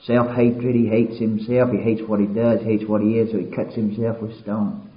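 A man preaching a sermon, swinging between loud impassioned passages and quiet somber ones. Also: lowish voice, flat delivery, normal speed. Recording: roomy, dull lo-fi recording.

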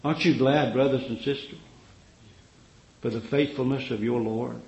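A man preaching a fervent sermon, swinging from loud cries to low murmurs and acting out the voices of figures he quotes. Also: fairly even intonation, moderate pace. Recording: echoey, dull lo-fi recording.

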